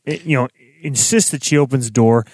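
A man's voice: medium pitch, a little fast, a little mellow, dry recording. A man co-hosting a podcast, casually recapping a TV episode with dry sarcasm and mock-quoted lines. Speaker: podcast co-host.

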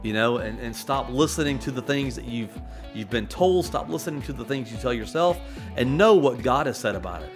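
Middle-pitched man in his forties, emotional rambling storyteller over faint music. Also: lively intonation, a little fast. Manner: rambling, emotional, many restarts and fillers. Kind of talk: storytelling in casual chat.

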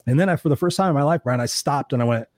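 Middle-aged male host, quick and animated storyteller, swears, dry close sound. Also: mid-range voice, no room sound. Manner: animated, swears freely, acts out quotes. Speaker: podcast host. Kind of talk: casual storytelling chat.

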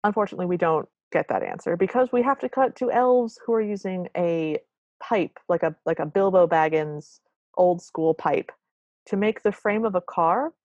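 A woman's voice: fairly low pitch, normal speed, darkish tone, dry recording, muffled recording. Wry woman co-hosting a podcast. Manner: wry, apologetic storytelling. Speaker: podcast co-host. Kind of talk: casual recap chat.

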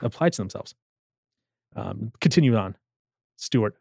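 A man's voice: on the low side, normal speed, vocal fry, warm tone, no room sound. Guy telling a story on a podcast, acts out the lines, dry close sound. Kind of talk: casual chat.

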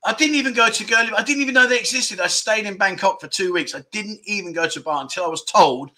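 A man's voice: high voice, animated, a little fast, bright, forceful tone. A man from England hosting a casual livestream, rambling through self-deprecating banter and reading out viewer comments. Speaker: livestream host.

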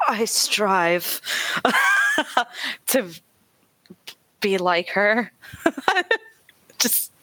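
Slow-talking woman player. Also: medium pitch, huge pitch swings, bright, forceful tone, no room sound. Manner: giggly, playful. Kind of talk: casual tabletop play.

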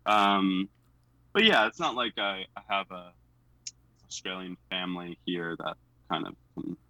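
A young man from the United States rambles cheerfully through an interview answer, his slightly low voice edged with brightness. He hedges with fillers and laughs at himself. The sound is close and dry. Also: a little slow, no echo, low-quality recording. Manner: chatty, self-deprecating, many fillers. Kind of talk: casual conversational interview.

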